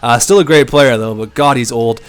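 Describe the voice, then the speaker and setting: A young man giving casual, excitable commentary on a hockey video game, chatting to his viewers. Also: medium pitch, moderate pace, clear, resonant tone. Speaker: gaming YouTuber. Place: home room at a desk with a squeaky chair.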